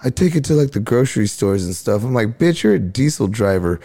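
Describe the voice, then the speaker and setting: A man's voice: medium pitch, a little fast. A man, a stand-up comedian, chatting casually on a podcast and animatedly acting out his exchanges with crowds. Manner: animated storytelling, acts out crowd exchanges, laughs often.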